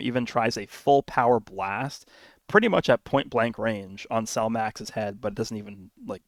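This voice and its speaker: A man talks through a story recap in a loose, rambling way, full of fillers and restarts, with chuckles slipping in. His voice sits at a middle pitch. The sound is dry and close, with no room around it. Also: dry recording. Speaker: YouTube anime commentator. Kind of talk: casual spoiler recap.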